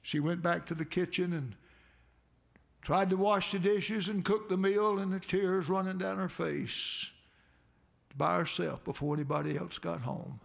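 Older pastor with a gravelly voice. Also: male voice, sits high, steady tone. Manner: earnest storytelling, slow and heartfelt. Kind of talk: sermon with prayer.

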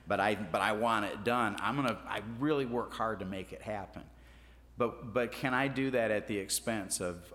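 A man's voice: on the low side, a bit bright, big-room sound. A man preaching a sermon in a folksy, self-deprecating way, often restarting his words. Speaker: pastor.

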